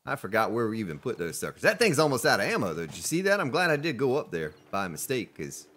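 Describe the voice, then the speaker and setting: A man's voice: mid-range voice, huge pitch swings, fast, hardly any pauses, fairly bright tone. A man chatting to viewers while he streams a survival game, joking and commenting as he plays. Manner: chatty, jokey, talks to viewers. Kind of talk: live gameplay commentary.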